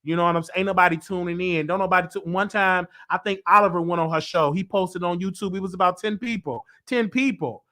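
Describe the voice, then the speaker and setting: Bright-voiced excitable gossip host. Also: male voice, high voice, quick pace, hardly any pauses. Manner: emphatic, excitable, repetitive. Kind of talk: celebrity gossip commentary.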